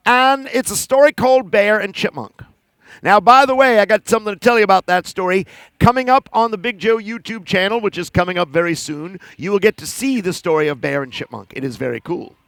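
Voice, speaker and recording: A man telling a folk tale to children at a live outdoor event, lively and talking straight to his audience. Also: high-pitched, brisk, clean tone, dry recording. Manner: animated, talks straight to the audience. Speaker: storyteller. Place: outdoor park celebration.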